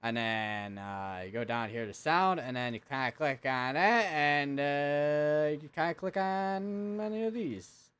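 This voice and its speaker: A man's voice: fairly high pitch, unhurried, hardly any pauses, a bit bright, clear, resonant tone. Young man calling live storm updates. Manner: casual, rambling, many fillers and restarts. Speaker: weather stream host. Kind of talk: live severe weather commentary.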